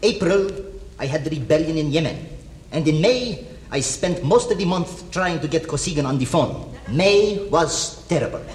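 A man voices a put-upon visiting leader with a mock foreign accent and Yiddish turns, dry and wry. The recording is roomy, with clear noise behind it. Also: a little high, lively intonation, moderate pace, a little mellow, close to an everyday voice. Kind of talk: comedy sketch recording. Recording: noisy roomy old recording.

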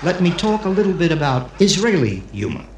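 Man, stand-up comic, lively swooping delivery, fairly high voice, Yiddish turns of phrase, echoey room, faint hiss. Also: fairly quick, a faint crowd. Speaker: comedian telling jokes. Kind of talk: stand-up joke telling to a live audience.

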